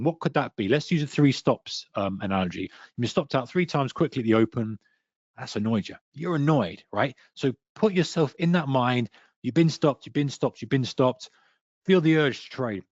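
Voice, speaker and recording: A man coaching traders in an online lesson, lively and direct, now and then slipping into the voice of an annoyed trader. The sound is dry and close, with a slightly dull, muffled tone from the webinar audio. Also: medium pitch, husky, dry recording. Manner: energetic, talks to listener directly, acts out a trader's inner voice. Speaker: trading coach.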